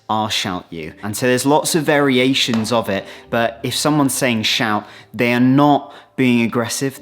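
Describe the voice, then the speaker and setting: A British man in a casual explainer vlog, chatty and animated, acting out little quoted exchanges as he talks. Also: medium pitch. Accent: British English. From Britain. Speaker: vlogger. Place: outdoors, then moving inside.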